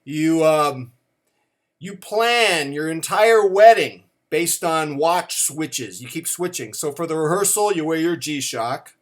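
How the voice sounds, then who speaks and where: A middle-aged man with a slightly high-pitched voice runs through a comic countdown to camera. His delivery is playful and mock-serious. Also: expressive, slow pace. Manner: playful, mock-serious, acts out quoted dialogue. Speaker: watch vlogger.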